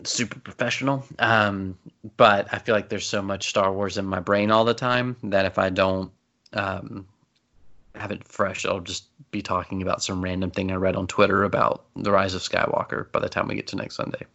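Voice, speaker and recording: Podcast co-host, male, casual rambler with self-deprecating jokes, gravelly and low. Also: level tone, moderate pace, bright, forceful tone. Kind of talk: casual chat. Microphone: close microphone. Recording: slightly dull lo-fi podcast audio.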